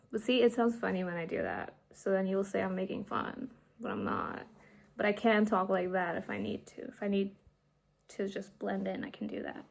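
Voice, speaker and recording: A young woman from India, with Hindi as her first language, talks straight to her camera in a loose, rambling vlog. Her voice is husky and breathy, with a gravelly fry at the ends of phrases. She often sinks into a soft half-whisper. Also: medium pitch, normal speed. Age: young adult. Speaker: vlogger and artist. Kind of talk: casual vlog talk to camera.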